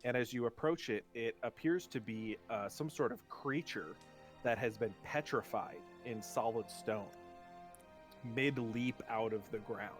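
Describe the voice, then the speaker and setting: A man running a tabletop game as dungeon master, narrating casually with many pauses and restarts. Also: medium pitch, soft background music. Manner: loose, halting narration with many ums and restarts.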